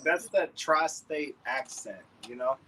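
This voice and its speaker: A man's voice: fairly high pitch, unhurried, background noise. A man from the American South calling in to a livestream show, ribbing the host in a dry, joking way. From Southern United States. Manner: wry ribbing. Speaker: caller. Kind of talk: casual call-in chat.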